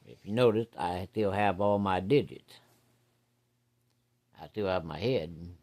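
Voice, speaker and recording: A man spinning a folksy yarn in an easy, unscripted way. His voice sits a touch low, and his talk is salty and blunt, with plenty of cussing. He keeps the story rolling along casually. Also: a little slow, darkish tone. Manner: folksy, salty, uses profanity.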